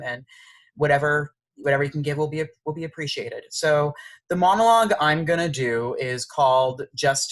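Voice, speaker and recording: A man's voice: medium pitch, fairly bright tone, low-quality recording. A young male actor introducing himself with a few hesitations, then reciting a heartfelt monologue. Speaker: actor and singer.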